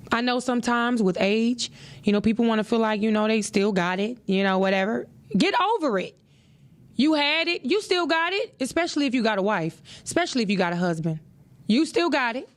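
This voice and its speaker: Emphatic woman preaching about relationships. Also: on the high side. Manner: preachy and emphatic, repeats points for effect; conversational, peppered with "you know". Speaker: podcast host. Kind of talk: casual relationship advice monologue.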